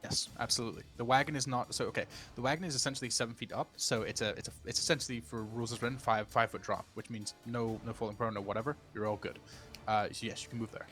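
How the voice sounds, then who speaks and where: A man's voice: mid-range voice, steady tone, fast talker, a bit bright, soft background music. A man narrating as game master of a tabletop game, chatty and laughing, with many fillers.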